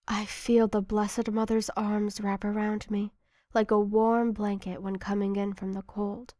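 A woman reading a first-person devotional meditation in a hushed, tearful, emotional way. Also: mid-range voice, flat delivery, a little slow, no room sound, clean studio sound. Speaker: narrator.

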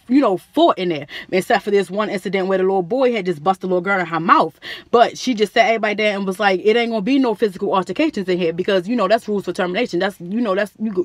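A young woman vlogger telling a story in a chatty, slangy, animated way. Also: mid-range voice, no echo. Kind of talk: casual storytelling to camera.

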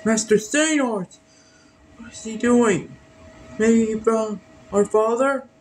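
Slow, questioning young man. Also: high voice, fairly even intonation, a little hiss or hum, poor audio. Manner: asks questions over and over, repeats names. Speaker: fan player voicing his characters over a game. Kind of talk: fan let's-play with voiced reactions.

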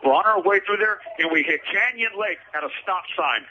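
A man's voice: high-pitched, a little fast, muffled recording. A man telling a story about his own past in a casual, slangy way, often repeating phrases for emphasis.

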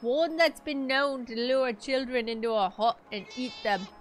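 A woman's voice: mid-range voice, a little slow, soft background music, voice pushed down, close to an everyday voice. A woman voicing a stern rustic male villager in a game, talking in a folksy, scolding drawl. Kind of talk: voicing game characters on stream.

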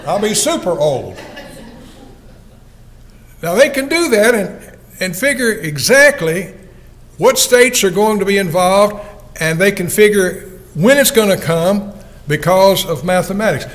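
A man's voice: sits high, animated, a little slow, pauses often, rough recording. An older man, an evangelist, preaching a sermon in an earnest, folksy way and asking his listeners questions.

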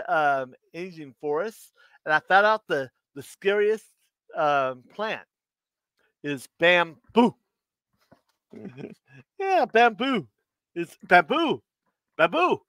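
A man's voice: high voice, fairly bright tone, dry recording. A man hosting a casual live stream, reading dad jokes aloud and chuckling at his own punchlines, with loose rambling asides.

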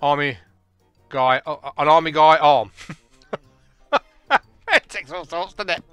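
A man, casually and excitably commentating a game, joking and laughing at his own jokes. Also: fairly high pitch, unhurried, clean tone, no room sound, highs cut off, faint music behind. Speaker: gaming channel host.

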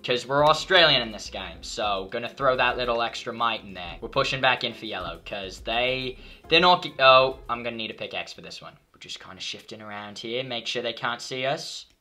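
A young man doing excitable, jokey commentary over his game as a gaming YouTuber. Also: mid-range voice, fairly quick, faint music behind. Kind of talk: gameplay commentary.

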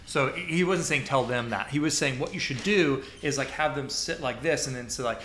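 A man hosts a casual podcast chat with a bright, forceful voice. He tells animated stories and mimics the people he quotes. His voice rings out in an echoey room. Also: medium pitch, brisk, slight background noise. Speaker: podcast host.

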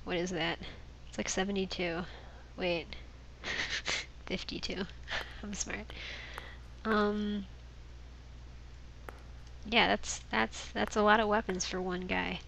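A woman's voice: mid-range voice, steady tone, slow pace, vocal fry, pauses often, fairly bright tone, a little hiss or hum, low-quality recording. A sniffly woman giving casual, sarcastic commentary while she plays a game, swearing freely and reading its dialogue aloud. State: sniffly from allergies. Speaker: let's play gamer. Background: game music.

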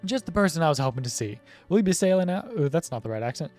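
A fussy, overly polite villager handing off a damp package, prim and a little pushy, as a man puts on an accent for him. The voice sits higher than an ordinary speaking voice. Soft game music runs behind. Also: big pitch swings, racing. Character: polite fussy villager asking a delivery favor. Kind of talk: reading game dialogue aloud. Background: faint game music.

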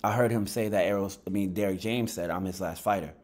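Just out of bed and lower on energy, an adult man gives a heated, blunt vlog rant about boxing, swearing freely. His voice is low-pitched and a little mellow, and he talks fast.

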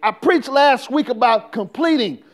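High-voiced preacher, shouting call-and-response. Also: male voice, expressive, a little slow. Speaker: pastor. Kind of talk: sermon.

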